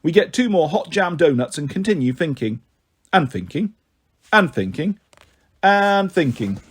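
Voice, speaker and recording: A man reading a children's book aloud in a lively, expressive storytelling manner. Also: on the high side, moderate pace, breathy edge.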